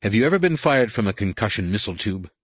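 A cocky, laconic starship captain , as a man reads him in an audiobook, with a low, slightly husky voice. He drawls dryly, sounding almost bored. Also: big pitch swings, fast talker, no echo, clean studio sound. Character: dry, cocky veteran male starship captain. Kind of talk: audiobook character voice.

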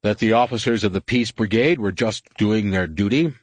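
Man playing a cruel smug cop, low voice, husky, condescending, audiobook. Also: normal speed, no echo, lightly acted. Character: smug, cruel male police lieutenant.

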